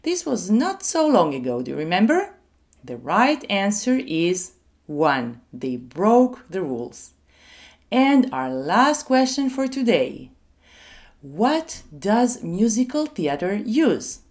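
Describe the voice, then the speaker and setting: Slow, lively woman music teacher for kids. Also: medium pitch. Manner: slow, clear and sing-song, leading call-and-repeat. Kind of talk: children's music lesson.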